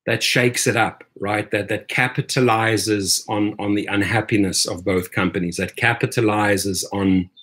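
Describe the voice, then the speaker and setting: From Washington, D.C., USA, a man with a medium-pitched, fairly bright voice hosts a rideshare channel's live stream. Reading chat and commenting, he's emphatic, keeps adding "right?" to his points and refers to viewers as "my friends".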